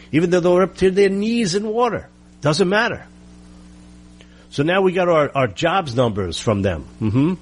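A man delivering a combative, sarcastic political monologue full of rhetorical questions, with a husky voice. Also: on the high side. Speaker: political commentator.

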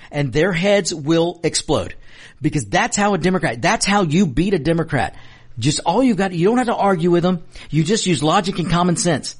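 A man's voice: a little high, expressive, normal speed, breathy edge. A man hosting a political talk show, delivering an emphatic, repetitive commentary monologue and addressing his listeners as folks.

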